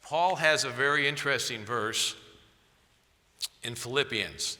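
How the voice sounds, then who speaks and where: Speaking unhurriedly in a large hall, a male church seminar speaker delivers a conversational teaching talk peppered with rhetorical questions. His mid-range voice is bright and forceful.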